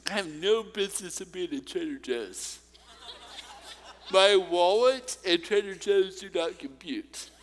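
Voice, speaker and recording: High-pitched guy preaching in a church, slow easy delivery, jokes then gets earnest, big echoey room. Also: animated, a little hiss or hum. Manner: humorous, personal storytelling; earnest and encouraging. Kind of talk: sermon.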